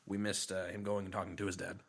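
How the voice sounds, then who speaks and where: A man talks at a quick clip in a lowish voice, co-hosting a relaxed podcast. He jokes around and acts out snippets of scenes as he retells them. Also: husky. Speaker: podcast co-host. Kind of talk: casual chat recapping a cartoon episode.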